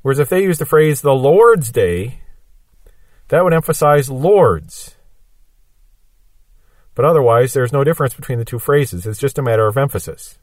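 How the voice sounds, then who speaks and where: A man teaches Bible prophecy in a patient, step-by-step way and leans on everyday examples to make his points. His voice sits in an ordinary middle pitch. The recording is dry, with no room echo. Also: lively intonation, fast, hardly any pauses.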